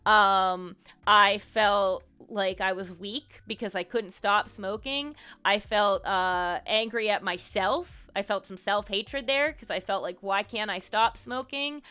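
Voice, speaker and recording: A woman's voice: mid-range voice, sharp tone, smooth. A woman hosting a livestream, talking loosely and frankly with lots of "like" and "um", and swearing casually. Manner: loose, rambling, full of "like" and "um". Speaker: livestream host giving social advice. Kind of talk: casual advice talk on a livestream. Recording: slightly muffled stream audio with faint music.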